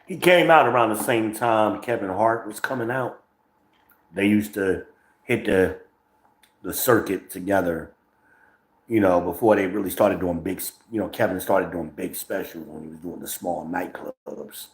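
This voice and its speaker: Low-voiced man, profane rambling talk. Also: normal speed, slight background noise. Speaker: streamer host. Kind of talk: casual livestream monologue. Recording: roomy echo.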